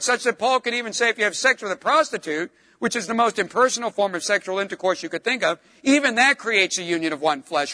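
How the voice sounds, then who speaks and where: A middle-aged man preaches with a high, bright voice that carries through a large reverberant hall. He pushes up hard on stressed words, then drops low and soft for asides. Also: expressive, fairly quick, hardly any pauses. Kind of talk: sermon.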